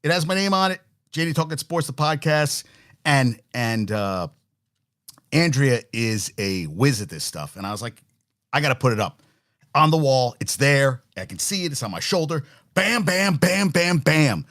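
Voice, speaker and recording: A man hosting a sports podcast in casual chat, rambling and animated, swearing and laughing as he talks. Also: mid-range voice, normal speed, dry recording, clean studio sound. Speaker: podcast host.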